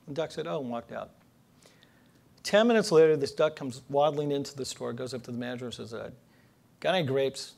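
A man's voice: mid-range voice, vocal fry. A man giving a public lecture, telling jokes with dry storytelling and building each one to its punchline. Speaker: political cartoonist giving a lecture. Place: lecture hall before an audience.

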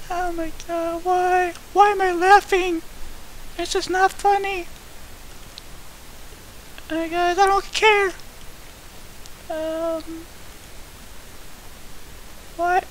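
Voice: extremely high pitch, fairly bright tone, heavily acted, low-quality recording. A performer voicing an eleven-year-old boy playing a game for the first time, rambling with many uhs and easily shocked, in a staged gameplay commentary skit.

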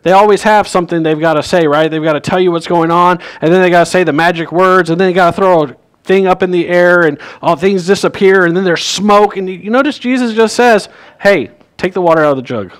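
A man's voice: high voice, steady tone, a little fast, few pauses, clean tone. A male pastor giving a sermon in a church, telling a story in a casual way and acting out the characters' lines. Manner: conversational storytelling, acts out quoted lines. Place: church sanctuary.

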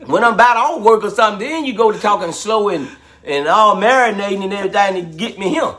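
A man bantering with his wife as co-host, animated and joking. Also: sits high, quick pace. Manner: animated, joking, Southern US vernacular. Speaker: co-host, husband. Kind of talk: casual banter.

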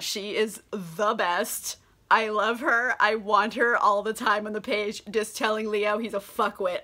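A woman's voice: fairly high pitch, pushed and bright. A tipsy young woman vlogging a casual, profane book summary, giggly and gushing, saying "like" all the time. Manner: giggly, crude, gushing, heavy on "like".

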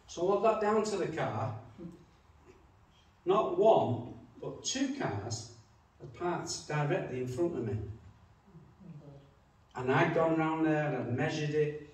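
A man's voice: a little high, lively intonation, unhurried. A middle-aged man, preaching a sermon in a chatty storytelling way and acting out the quotes he tells. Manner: chatty anecdotes with acted-out quotes. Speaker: pastor. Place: church hall. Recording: echoey church hall from far off.

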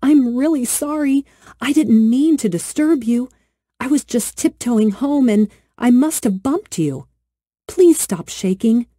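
A woman's voice: a little high, lively intonation, measured pace, warm tone, dry recording, pitched above the performer's own voice. A woman voicing a timid little girl who talks nervously and pleads, in a storybook reading. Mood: nervous pleading.

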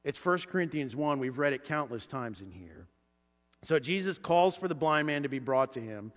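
A man preaching a sermon as pastor, animated and acting out the voices he quotes. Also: medium pitch, normal speed. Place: church sanctuary. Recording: church hall reverb.

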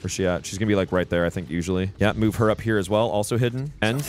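A young man streaming a video game, excitable and profane, laughing often and yelling at the game and chat. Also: fairly low pitch, rapid-fire, few pauses, soft background music. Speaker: streamer, gameplay host. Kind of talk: live game commentary.

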